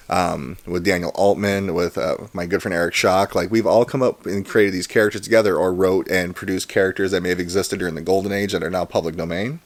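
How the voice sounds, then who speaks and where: A man in his thirties talks through an unboxing in a relaxed, rambling way, pausing on fillers and jumping between thoughts. His voice sits fairly low and he sounds genuinely excited about what he finds. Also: dry recording. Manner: chatty, rambling, enthusiastic. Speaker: comic collector and channel host. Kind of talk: casual unboxing vlog.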